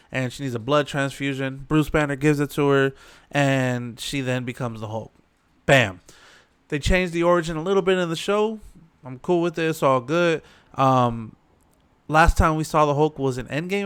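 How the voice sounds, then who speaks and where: A man's voice: medium pitch, a bit bright, smooth, no echo. A man giving a loose, slangy recap and reaction to a show, with lots of fillers. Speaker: reaction video host.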